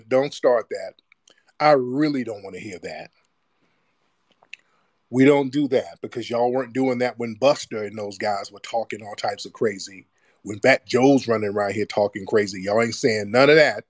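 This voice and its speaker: A man hosting a casual commentary monologue, slangy and mocking, breaking into shrill voices to mimic his critics. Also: normal speed, dry recording. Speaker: host.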